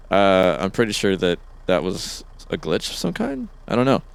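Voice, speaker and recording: Deep, gravelly-voiced man casually narrating gameplay. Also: wildly swooping pitch, unhurried. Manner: easygoing, chuckling, thinking aloud with fillers. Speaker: let's play host.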